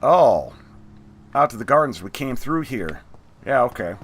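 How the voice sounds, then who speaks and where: A man's voice: mid-range voice, sing-song, unhurried, a little hiss or hum. A man hosting a let's play, giving casual gameplay commentary with chatty, half-muttered asides.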